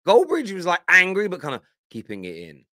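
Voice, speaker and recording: Lively fan show host, laughing a lot, bright dry sound. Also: male voice, high-pitched, fairly quick, no room sound. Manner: laughs often, animated and amused. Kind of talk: reaction commentary.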